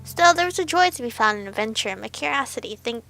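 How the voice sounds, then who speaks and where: A young woman with a high, bright voice reads a romance game's story aloud, breaking in to gush over the scenes. She sounds giggly and emotional, with quiet game music in the background. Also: animated, quick pace, creaky. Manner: gushing, giggly, emotional reactions. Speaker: let's play host. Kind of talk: reading a visual novel aloud with reactions.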